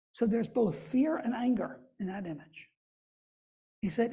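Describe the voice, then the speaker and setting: A man lecturing at a church in a very husky, breathy voice with a mellow, dark tone. He speaks thoughtfully, pausing and restarting phrases as he works through an idea. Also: high voice, lively intonation. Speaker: guest lecturer.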